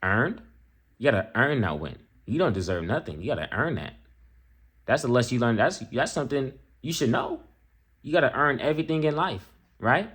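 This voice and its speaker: A man's voice: mid-range voice, sing-song, a little fast, a bit bright, breathy edge. A young man hosting a reaction video, mocking bluntly in casual slang.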